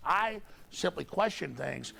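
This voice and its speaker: Man, very gravelly voice, slightly high pitch, defensive, rambling, interview guest. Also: lively intonation, unhurried, a loud crowd. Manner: defensive, rambling, repeats himself. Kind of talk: recorded interview.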